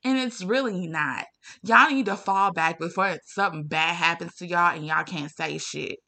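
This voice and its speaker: A woman's voice: normal speed, vocal fry, sharp tone. A young woman venting in a casual, profane rant to camera, firing off exasperated rhetorical questions. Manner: rhetorical questions, pitch leaps up when worked up. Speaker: vlogger.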